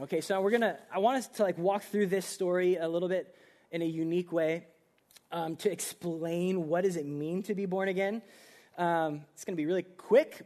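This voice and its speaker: A young man preaching a sermon in a casual, animated way, with everyday slang. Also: high-pitched. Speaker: pastor.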